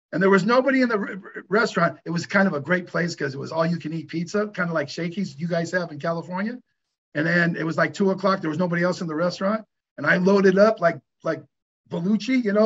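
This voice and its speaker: A man's voice: high voice, fairly bright tone. A middle-aged man, a clinic owner, telling stories in an interview in an earnest, preachy way and asking rhetorical questions. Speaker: hyperbaric clinic owner, guest. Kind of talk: conversational interview storytelling. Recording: dull lo-fi recording.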